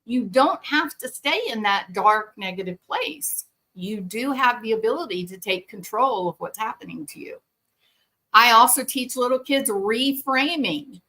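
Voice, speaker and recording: Woman, therapist-host type, earnest and lively monologue, bright and forward tone. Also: a little high, normal speed. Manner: earnest, animated storytelling with quoted voices. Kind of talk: conversational monologue.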